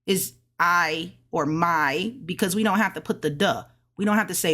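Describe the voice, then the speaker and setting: A woman casually explaining her study notes, sounding out words slowly and correcting herself. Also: on the low side, fairly bright tone. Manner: thinks aloud, self-correcting, sounds out tones slowly. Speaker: language learner sharing study notes. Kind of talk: casual study vlog lesson.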